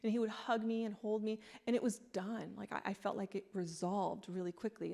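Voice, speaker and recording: A woman in her thirties giving a candid, conversational sermon in a church, telling personal stories with animated delivery. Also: mid-range voice, brisk, vocal fry, hardly any pauses. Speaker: guest speaker. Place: church sanctuary.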